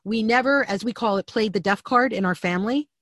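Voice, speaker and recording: A middle-aged woman telling family stories as an interview guest, animated and candid, often restarting her sentences. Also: medium pitch, fairly quick, dry recording, clean studio sound. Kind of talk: storytelling in a podcast interview.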